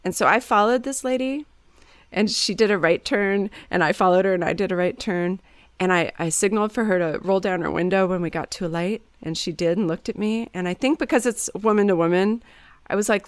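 A woman's voice: medium pitch, a little fast, clear, resonant tone, dry recording. A woman, a mother in her thirties, chatting casually and acting out quoted lines as she tells stories. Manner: animated storyteller, acts out quotes. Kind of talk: casual chat.

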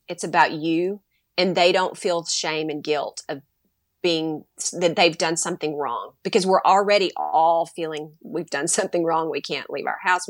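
A woman's voice: fairly low pitch, dry recording, studio quality. A woman, a mother, talking animatedly as a guest in a casual interview and acting out bits of dialogue. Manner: animated, acts out quoted dialogue.

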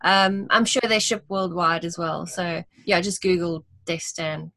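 A woman's voice: on the low side, steady tone, measured pace, sharp tone, no room sound. Frank South African woman, dry sound. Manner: earnest, frank advice with restarts. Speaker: guest, designer. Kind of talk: casual podcast chat.

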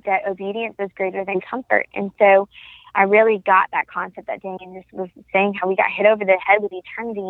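A woman's voice: mid-range voice, dry recording. Young woman, earnest testimony, tinny phone-line sound, dry. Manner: earnest, heartfelt storytelling. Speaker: guest. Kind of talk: personal testimony in a podcast interview. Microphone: phone call.

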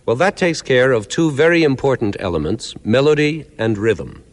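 A man giving a clear, measured lecture that explains musical ideas step by step, sometimes counting out beats. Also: mid-range voice, in a large hall.

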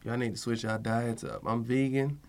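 A young man speaks in a mid-pitched, everyday voice. He trades teasing jokes and banter at an easy conversational pace. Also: flat delivery, normal speed, a little mellow. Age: young adult. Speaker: comedian guest. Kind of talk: casual chat.

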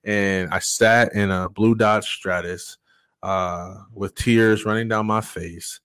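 A middle-aged man speaking as a guest, telling a personal story earnestly and candidly, halting often with fillers. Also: lowish voice, steady tone, a bit bright, clean tone, dry recording. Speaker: podcast guest.

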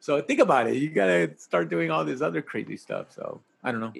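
A man chatting casually about a movie, relaxed and rambling, with a slightly husky voice. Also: on the high side, fairly quick. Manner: relaxed, rambling, many fillers.

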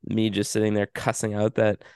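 A man with a low, gravelly voice, recorded dry with no room sound. He tells a self-deprecating story in a rambling, casual way, filling gaps with "like" and "I mean.". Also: completely flat delivery, moderate pace, a little mellow, no room sound. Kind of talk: casual chat.

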